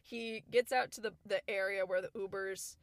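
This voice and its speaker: A woman's voice: mid-range voice, moderate pace, dry recording. Young woman, chatty storyteller, podcast co-host, dry close sound. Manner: animated, acts out quoted people with laughs. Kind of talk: casual storytelling chat.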